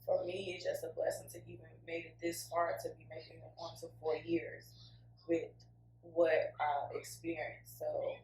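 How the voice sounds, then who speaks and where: A woman co-hosting a podcast shares her own story candidly and emotionally, chatting informally with plenty of fillers. Her voice is low, gravelly and a little mellow, with a flat, unhurried delivery. The room is echoey, the mic is at a distance, and there's a faint hum.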